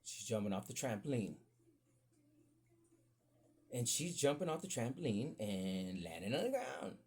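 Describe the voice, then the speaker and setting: A man's voice: mid-range voice, big pitch swings, measured pace, a little mellow. A man casually telling rambling, profane stories on a podcast and acting out the quoted voices of his family. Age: adult with children. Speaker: podcast host. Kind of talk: casual storytelling.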